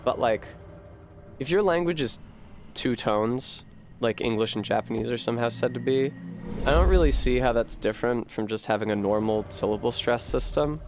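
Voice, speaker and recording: A man streaming a video game, chatting casually and thinking aloud to his viewers, swearing freely and getting animated. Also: mid-range voice, moderate pace, noisy background. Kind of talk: casual live-stream chat while gaming.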